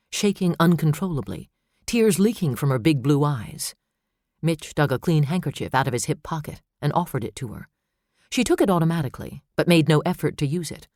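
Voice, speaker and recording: A man narrating a suspense novel in steady, measured storytelling. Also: on the high side, dry recording, clean studio sound. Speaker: audiobook narrator. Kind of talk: scripted narration.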